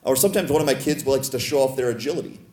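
A man preaching a sermon as pastor, playful and teasing with gentle humor. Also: mid-range voice, rapid-fire. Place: church sanctuary. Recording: echoey church room.

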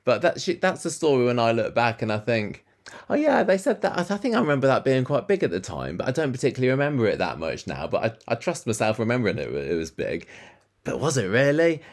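A man co-hosting a casual chat, rambling and excitable as he recalls old memories. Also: fast. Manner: rambling, excitable, pitch jumps up when enthused.

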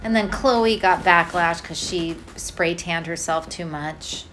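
A woman in her thirties co-hosting a podcast, chatting and telling stories in a gossipy, animated way. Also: on the low side, takes it slowly, slight background noise. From Northern California. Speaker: podcast co-host. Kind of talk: casual chat.

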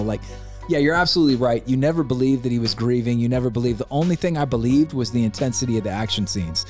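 A man's voice: mid-range voice, lively intonation, fast talker, darkish tone, faint music behind. A man co-hosting a casual chat, ranting animatedly and exasperated, often mocking lines in quoted voices. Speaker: podcast co-host reviewing a film.

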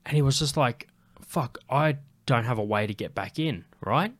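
A man's voice: mid-range voice, moderate pace. A young man telling a loose, profanity-heavy story as a podcast host in casual chat. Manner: loose, swearing, animated storyteller.

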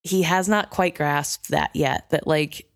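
A woman's voice: deep voice, creaky, clean tone, no room sound, studio quality. A woman co-hosting a book podcast, chatting animatedly and filling with "like". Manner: animated, quick to laugh, uses "like" a lot. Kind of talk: casual chat.

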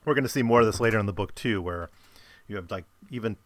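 Low-ish guy talking thru a book plot, lots of ums and restarts, dry close sound. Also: fast, a bit bright, no echo. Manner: rambling, many fillers and restarts. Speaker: book discussion host. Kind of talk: casual book summary talk.

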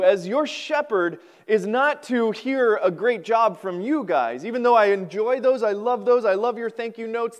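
Male pastor, sermon delivery, high and resonant, lively folksy storyteller. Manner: animated, folksy storytelling with pitch swings. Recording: podcast recording.

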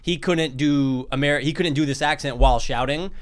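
A man's voice: mid-range voice, moderate pace. A man co-hosting a casual movie review chat, blunt and casually swearing. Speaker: podcast co-host.

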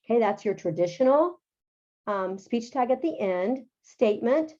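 Woman writing teacher, mellow tone, explanatory and chatty, lo-fi sound. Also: a little high, lively intonation, moderate pace. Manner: explanatory, chatty with frequent "okay" and "right". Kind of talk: teaching a grammar lesson. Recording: dull lo-fi sound.

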